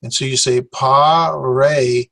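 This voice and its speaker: A man teaching a class in a plain mid-range voice. He talks in a halting way, full of fillers, and slowly sounds out syllables for his students. The recording is dry, with little room sound. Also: medium pitch, steady tone, fairly bright tone, dry recording. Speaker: Greek teacher. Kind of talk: classroom lecture.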